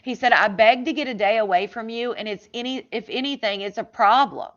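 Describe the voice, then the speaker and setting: A woman with a fairly high voice talks through a true crime case in a loose, chatty way, leaning on "like" and tossing in disbelieving asides as she reads messages aloud. The audio is slightly dull and lo-fi. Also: brisk, a bit bright. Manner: chatty, says "like" a lot, incredulous asides. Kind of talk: casual true crime chat reading texts aloud.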